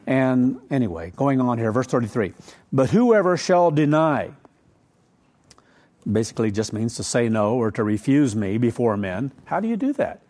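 A man's voice: mid-range voice, expressive, brisk, hardly any pauses, mellow. A middle-aged man preaching a sermon in a conversational way, asking rhetorical questions and adding asides. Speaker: pastor.

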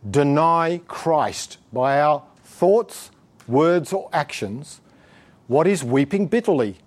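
Lively, high-pitched male preacher. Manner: emphatic, exhortative, chuckling often. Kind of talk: sermon.

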